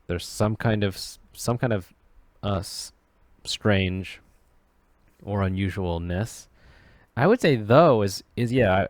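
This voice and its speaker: A man's voice: fairly low pitch, darkish tone, no echo. A man teaching English grammar off the cuff, often stopping to restart and correct himself as he searches for words. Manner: halting, many restarts and self-corrections. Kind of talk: unscripted grammar explanation.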